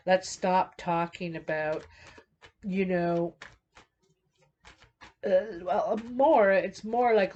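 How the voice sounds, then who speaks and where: A woman's voice: on the low side, darkish tone, muffled recording. A middle-aged woman giving an unscripted tarot reading, meandering with many fillers and restarts. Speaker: tarot reader.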